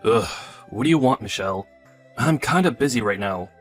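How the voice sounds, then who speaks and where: A man's voice: medium pitch, animated, moderate pace, faint music behind, close to an everyday voice. A man voicing a dismissive, selfish husband. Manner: offhand, dismissive. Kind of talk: text-story drama acting.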